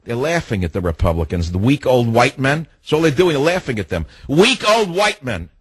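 A combative male radio host with a husky, slightly rough voice, firing off indignant rhetorical questions. The sound is dry and close, with no room around it. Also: mid-range voice, expressive, fairly quick, no room sound, poor audio. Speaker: radio talk show host. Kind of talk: political talk radio monologue.

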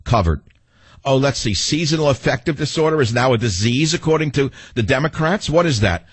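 A man's voice: medium pitch, animated, brisk, husky, no echo. A man with a New York accent hosting a talk radio show in a combative, sarcastic monologue.

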